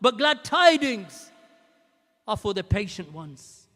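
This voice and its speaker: A male preacher delivers an emphatic sermon in a very high, bright, forceful voice. He hammers his points through repetition and sometimes breaks into shouts. A long reverb trails his words as if in a large hall. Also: big pitch swings, takes it slowly.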